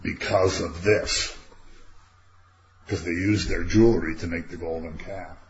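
An older man leading an informal Bible study, talking conversationally and turning animated when he quotes God. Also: low-pitched, a little slow, roomy sound. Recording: dull lo-fi recording with faint noise.

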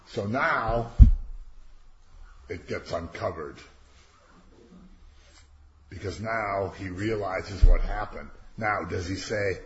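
A man's voice: lowish voice, takes it slowly, long pauses, a bit bright. A man leading a casual Bible class, commenting on a reading and acting out the characters with slangy voices. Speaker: Bible teacher. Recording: roomy, dull lo-fi classroom recording.

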